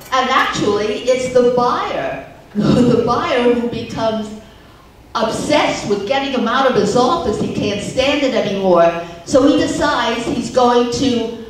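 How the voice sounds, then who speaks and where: At a talent show on a large theater stage, an older woman with a voice on the high side tells jokes, caught from far off in an echoey hall with slight background noise. Her stage joke-telling is slow, chatty storytelling sprinkled with Yiddish words.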